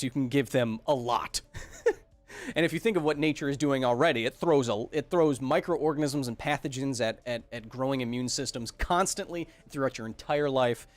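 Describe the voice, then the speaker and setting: Upbeat science podcast host, man. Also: mid-range voice. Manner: enthusiastic, jokey, reads chat comments aloud. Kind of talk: casual livestream Q&A.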